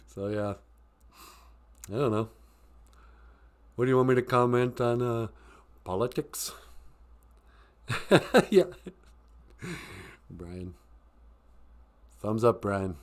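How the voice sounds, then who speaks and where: A man's voice: on the low side, takes it slowly, pauses often. A man hosting a casual livestream, joking and laughing often. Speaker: livestream host and comic author.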